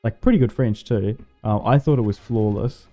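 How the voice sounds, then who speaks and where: A man's voice: on the low side, moderate pace, dark tone, faint music behind. Man chatting as he streams a game. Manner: rambling, laughing often, lots of fillers. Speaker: gaming livestreamer. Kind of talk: casual chat while streaming a strategy game.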